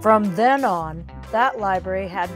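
A woman reading a children's picture book aloud with expressive, animated storytelling. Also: medium pitch, measured pace, faint music behind.

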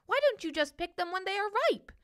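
A woman's voice: extremely high pitch, expressive, a little fast, pitched above the performer's own voice. A woman voicing a curious little female red bird who asks chirpy, wondering questions. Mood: coaxing.

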